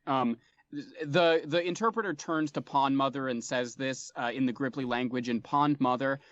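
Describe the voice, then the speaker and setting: Game master, male, relaxed, hesitant delivery; dry, dull mic. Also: mid-range voice, moderate pace, no room sound. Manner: relaxed, hesitant narration with fillers. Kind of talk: narrating a tabletop game.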